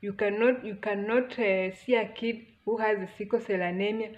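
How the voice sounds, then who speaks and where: A woman's voice: mid-range voice, steady tone, moderate pace, highs cut off, natural voice. A woman with a Kenyan accent voicing a pushy, judgmental woman passenger who lectures and scolds. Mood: scolding.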